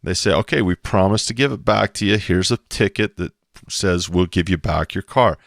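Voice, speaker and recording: A man with a very low, deep voice talks emphatically on a podcast. He acts out quoted back-and-forth exchanges as he explains. The sound is dry and close, with no room echo. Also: normal speed, gravelly. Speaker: co-host explaining investing. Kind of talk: animated podcast talk.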